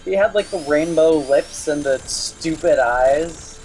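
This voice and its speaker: A man's voice: on the high side, slow pace, darkish tone, soft background music. Young man chatting and laughing on a voice call. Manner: chatty, laughs easily, explains at length. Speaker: co-commentator. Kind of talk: casual gaming commentary.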